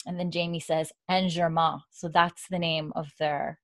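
A woman's voice: little pitch movement, moderate pace. Chatty young woman recapping a show. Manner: chatty, acts out characters' lines with lifted pitch. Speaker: podcast host recapping a TV episode. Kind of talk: casual chat recap. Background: dog heard at times.

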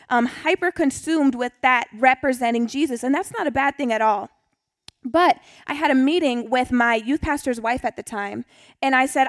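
A woman's voice: high-pitched, no echo, studio quality. A young woman, chatty and full of ums, telling a personal faith story and leading a Bible study. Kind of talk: personal testimony and scripture reading.

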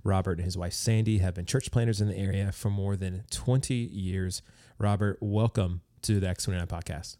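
A man's voice: deep voice, fairly even intonation, moderate pace, dark tone, dry recording, clean studio sound. A man hosting a podcast interview in a friendly, easygoing way, from the United States. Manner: friendly, easygoing, with fillers and restarts. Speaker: podcast host.

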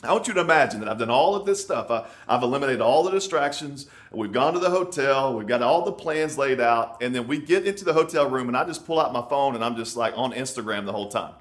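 A man's voice: medium pitch, expressive, quick pace, few pauses. A man in his thirties preaching a sermon in an emphatic, conversational way, often repeating words for stress. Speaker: pastor. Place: on location in a city.

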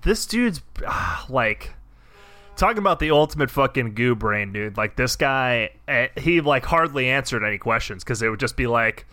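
A man's voice: mid-range voice, lively intonation, normal speed, sharp tone, no echo. A man co-hosting a podcast, riffing in casual comedic banter full of profanity and bro slang. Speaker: podcast co-host.

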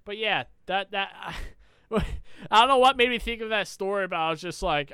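A man's voice: sits high, expressive, normal speed, pushed and bright, smooth, no room sound. A young man co-hosting a podcast, telling a casual anecdote with lots of swearing and laughter. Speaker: podcast co-host. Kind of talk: casual chat, storytelling.

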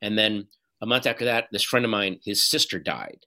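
A man being interviewed, speaking candidly and earnestly in halting bursts, with frequent restarts and some swearing. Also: on the low side. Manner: earnest, halting, profane, animated retelling. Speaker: guest.

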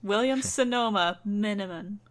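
A woman chatting casually on a podcast and making playful, wisecracking jokes. Her voice sits at an ordinary pitch. She jumps in quickly with quips. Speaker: podcast co-host. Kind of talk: casual chat.

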